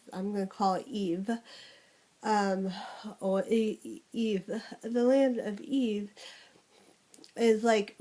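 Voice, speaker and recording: A woman's voice: mid-range voice, a little mellow, low-quality recording. A young woman chatting casually through a monthly book wrap-up, rambling with lots of fillers and restarts. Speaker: book vlogger. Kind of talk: casual book review vlog.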